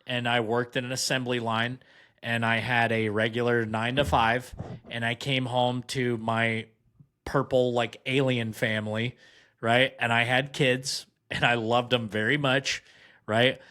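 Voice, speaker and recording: A man's voice: mid-range voice, measured pace. A young man, a podcast guest, telling a long anecdote in casual chat and acting out what others said. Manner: animated anecdote, acts out quoted voices.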